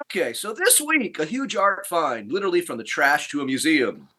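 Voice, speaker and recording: Podcast guy, teasing and laughing a lot, bright sharp tone. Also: fairly high pitch, very animated, normal speed. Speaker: podcast co-host. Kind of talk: casual chat.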